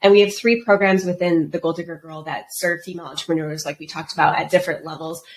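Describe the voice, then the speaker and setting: Animated woman telling her story. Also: fairly low pitch, fast. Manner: animated, acts out quoted voices. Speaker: guest, business coach. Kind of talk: casual podcast storytelling.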